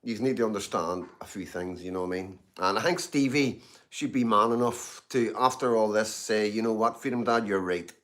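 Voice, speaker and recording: His voice sits on the low side and is a bit bright, moving at normal speed. This chatty Glasgow streamer reads out the chat in a casual live stream, rambling, repeating himself, saying "you know what I mean" often, and eating and sipping tea as he goes.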